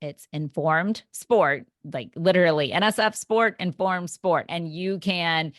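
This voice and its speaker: Woman, podcast host, low voice, attentive, dry close mic. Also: unhurried, no echo. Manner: attentive, with constant short agreements. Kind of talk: podcast interview.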